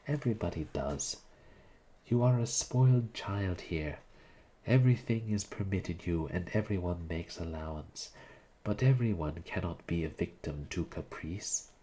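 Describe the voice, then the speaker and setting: A man's voice: low-pitched, animated, a little slow, dark tone, slightly rough, heavily acted. A man reading aloud and voicing a spirited young Parisian woman who is frank and mocking. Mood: chiding. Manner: candid, mocking, then earnest.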